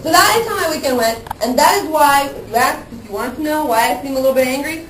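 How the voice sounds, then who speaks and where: A woman's voice: sits high, quick pace, a bit bright. A young woman teacher telling her class a long, worked-up story about her weekend, acting out her own reactions as she goes. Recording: echoey classroom from far off, noisy.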